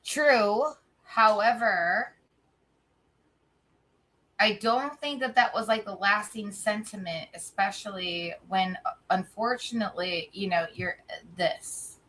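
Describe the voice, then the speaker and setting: A woman's voice: medium pitch, slow pace, a bit bright, low-quality recording. A woman livestreamer reacting to a clip, talking heatedly with a lot of swearing and speaking straight to her chat.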